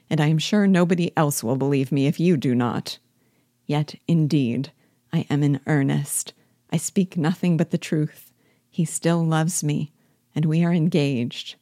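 Brief: wry, lively young woman, read by a woman, low and warm, close and dry. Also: no echo. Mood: earnest. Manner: wry, earnest, gently teasing. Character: lively, witty young woman, newly engaged.

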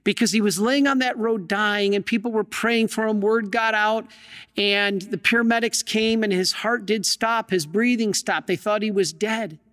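Male priest with a very high-pitched voice, preaching an emphatic sermon, heard in a long echoing hall. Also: fairly even intonation, normal speed, a bit bright. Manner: emphatic storytelling with rhetorical questions.

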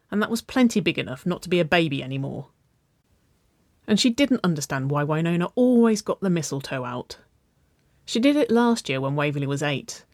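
A woman narrating a children's-style story, reading aloud with a gentle, even delivery. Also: low voice, normal speed, dry recording, studio quality.

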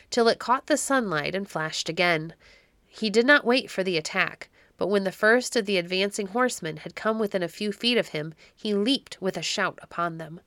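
Woman reading an old novel aloud, calm and measured, lowish voice, dry close sound. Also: no echo. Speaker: audiobook narrator. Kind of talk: audiobook narration of a classic novel.

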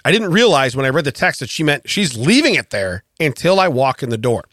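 A man co-hosting a podcast, telling a story in casual chat with animated, repetitive emphasis. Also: medium pitch, fairly quick, no echo, studio quality. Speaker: podcast co-host.

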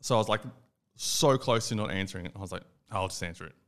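A young Australian man with a lowish, smooth, clear voice tells a story on a casual podcast. He talks in an animated way and acts out each quoted line. He swears easily. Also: quick pace. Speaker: podcast co-host. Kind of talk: casual chat.

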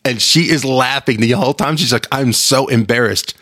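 A man's voice: mid-range voice, moderate pace, fairly bright tone. A man hosting his own podcast, telling stories in a chatty, rambling way with frequent restarts. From Texas. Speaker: podcast host. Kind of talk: casual solo podcast chat.

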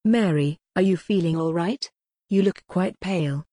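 A woman doing a calm, controlling young man. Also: sits high, moderate pace, no room sound, clean studio sound. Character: calm, smooth young man leading a cult.

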